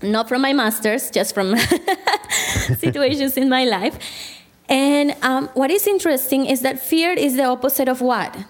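A woman's voice: high voice, unhurried. A woman therapist giving a Christian counseling talk to a group, speaking conversationally and often putting questions to her listeners. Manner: conversational, asks the audience questions.

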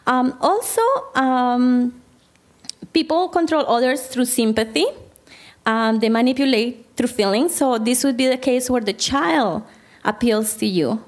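A woman therapist gives a Christian counseling talk to a group in a fairly high, unhurried voice. She keeps it conversational and often puts questions to her listeners.

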